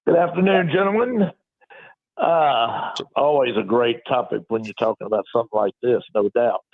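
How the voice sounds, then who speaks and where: A male caller chatting quickly on a sports radio call-in. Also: mid-range voice. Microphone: phone. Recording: tinny phone line.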